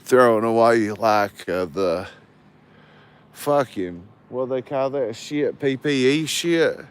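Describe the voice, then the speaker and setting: A man's voice: medium pitch, animated, slow pace, clear, resonant tone. A man, telling rambling, profane stories to his livestream viewers. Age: 40s. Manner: loose, crude, rambling storytelling.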